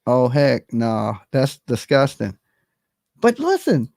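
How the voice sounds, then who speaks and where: A livestream host giving animated, blunt and profane commentary, talking straight to the chat and opening call-in lines. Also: mid-range voice, moderate pace, no echo, studio quality. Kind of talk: live-stream commentary with call-ins.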